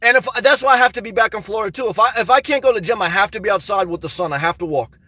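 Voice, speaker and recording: A young man on a casual livestream, reading chat aloud and talking restlessly, tacking "man" onto almost every line and now and then rising to shouts. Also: high voice, very fast, dry recording, far from the mic. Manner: restless, says "man" constantly, swings to shouting. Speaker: vlogger reading live chat.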